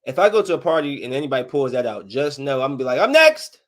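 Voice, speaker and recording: Talking very fast, a man runs his own casual podcast, spinning stories full of slang and jokes. He shifts from loud eruptions to quiet mumbling and laughs frequently.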